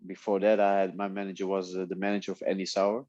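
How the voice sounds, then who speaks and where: A man whose first language is Dutch, telling stories in a relaxed way in a casual interview, often laughing. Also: low-pitched, fast, dry recording, dull audio. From Netherlands. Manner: relaxed storytelling with frequent laughs and restarts. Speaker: guest, MMA fighter.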